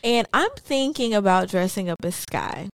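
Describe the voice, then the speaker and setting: A woman's voice: mid-range voice, lively intonation, moderate pace, vocal fry, no room sound. A woman in her thirties co-hosting a mom podcast, chatting casually and laughing as she tells stories. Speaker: podcast co-host. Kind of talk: casual chat.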